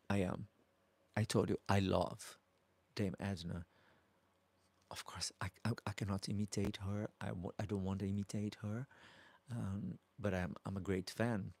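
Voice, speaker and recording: Brazilian-accented man, 50s, drag host on a live stream; slow, affectionate delivery, dry close sound. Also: fairly low pitch, vocal fry, a little mellow, no echo. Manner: slow and affectionate, calling viewers darling. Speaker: drag performer hosting a live Q&A. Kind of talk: casual live-stream chat reading viewer comments.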